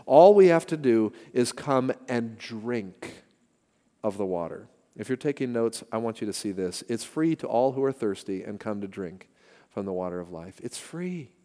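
A middle-aged male pastor preaches in an earnest, conversational way, slipping easily into personal stories. His voice is mellow and rounded. The sound carries the long reverb of a church sanctuary. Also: on the low side, lively intonation, normal speed. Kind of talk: sermon.

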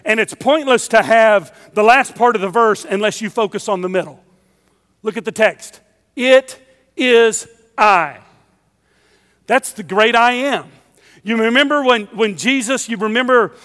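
A man's voice: very high-pitched, pushed and bright, long reverb tail. A man preaching a sermon in a church, emphatic and repeating his key phrases.

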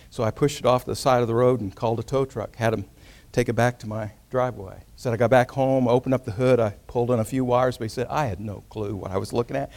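A man preaching a sermon, telling a story and swinging between loud emphatic rises and quiet hushed moments. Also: mid-range voice. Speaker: pastor.

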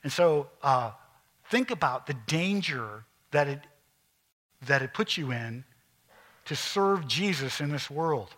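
A middle-aged male pastor preaching a sermon, emphatic at times and dropping to quiet, intense asides. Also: fairly high pitch, animated, slow pace, pauses often.

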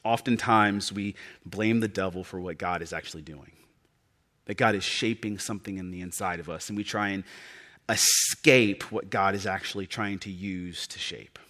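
Bright, passionate preaching man. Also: low-pitched, steady tone, moderate pace. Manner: builds from hushed to loud, passionate preaching. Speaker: pastor. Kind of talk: sermon.

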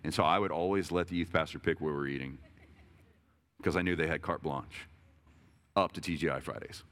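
A man's voice: a bass voice, steady tone, a little fast, fairly bright tone. A man in his thirties preaching a sermon in a conversational, self-deprecating way, with jokes and frequent restarts. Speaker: pastor.

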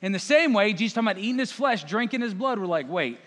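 A man preaching a sermon in a casual, conversational way, acting out the crowd and Jesus in quick asides. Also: very high-pitched, fairly bright tone. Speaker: pastor. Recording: long hall reverb.

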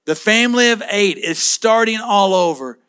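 A middle-aged man, a pastor, preaching a sermon in a relaxed conversational way with asides and jokes. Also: sits high, normal speed, clear, resonant tone.

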